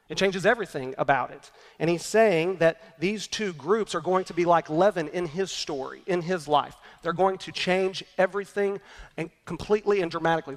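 Male pastor, sermon, earnest, emphatic repetition, fairly high voice, long hall echo.

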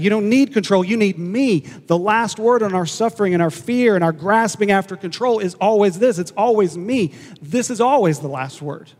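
High-voiced man preaching in a reverberant church. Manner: earnest, emphatic, repeats key words. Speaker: pastor. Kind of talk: sermon. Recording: hall reverb.

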